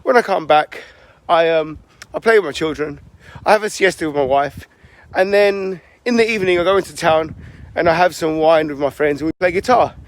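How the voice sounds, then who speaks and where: A man's voice: a little high, a little fast, lightly acted, rough recording. A man voicing a contented, easygoing male fisherman who answers plainly.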